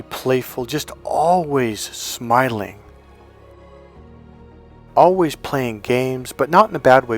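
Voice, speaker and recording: A man working as a life coach, telling a personal story in a reflective, conversational way with restarts and fillers. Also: medium pitch.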